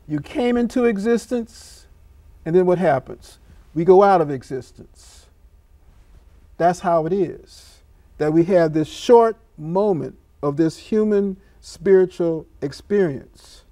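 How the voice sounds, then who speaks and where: Slow gravelly man, measured speech. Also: on the high side, dark tone, no room sound. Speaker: scholar guest. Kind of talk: reflective talk show discussion.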